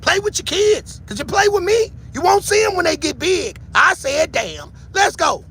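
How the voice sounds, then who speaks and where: A man giving heated livestream commentary who shouts, taunts his viewers and keeps repeating a catchphrase. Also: very high-pitched, animated, normal speed.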